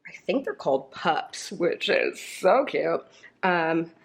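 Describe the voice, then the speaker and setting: A woman's voice: lowish voice, very animated, takes it slowly, rough recording. A woman vlogging at home to a camera on a tripod, chatty with lots of ums and likes, slightly out of breath after a workout. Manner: chatty, many fillers like um and like. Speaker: lifestyle vlogger. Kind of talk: casual vlog chat to camera.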